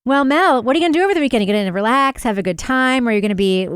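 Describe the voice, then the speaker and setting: A woman co-hosts a podcast in loose, sarcastic chat. Her voice is smooth and resonant. It is recorded close and dry, with no room sound. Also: on the high side, racing, no room sound. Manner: animated, sarcastic, mimics people in quoted voices. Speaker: podcast co-host; journalist. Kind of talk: casual chat.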